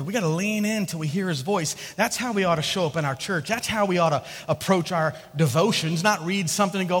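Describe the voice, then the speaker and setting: A man preaching a sermon as a pastor, telling a story with animated delivery and acting out the characters. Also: high-pitched, fairly quick, hardly any pauses, slightly rough, in a large hall.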